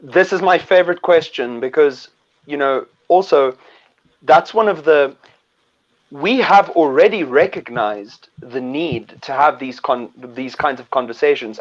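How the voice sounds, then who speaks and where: A man co-hosting a casual podcast, eager and conversational. His voice sits at a middle pitch. The recording sounds dull and lo-fi. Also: a little slow. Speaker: podcast co-host.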